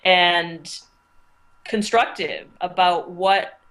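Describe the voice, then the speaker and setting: A middle-aged woman with a somewhat low voice talks through her classroom experiences in a relaxed interview. She tells her stories thoughtfully, often restarting her sentences as she goes. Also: drawn-out words. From United States. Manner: thoughtful, storytelling, frequent restarts. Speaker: interviewed teacher. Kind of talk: casual interview talk.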